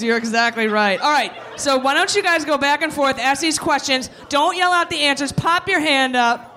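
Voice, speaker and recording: Woman quiz host in a live room: loose and playful, high-pitched, over a crowd and noise. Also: moderate pace, hardly any pauses. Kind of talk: live comedy quiz hosting. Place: live venue with an audience. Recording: noisy room with crowd chatter.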